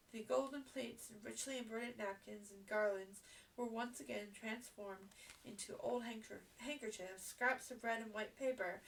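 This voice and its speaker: A woman's voice: medium pitch, gravelly, distant mic, low-quality recording. Woman reading a novel aloud, slightly off-mic. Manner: steady reading with small restarts. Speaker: audiobook reader.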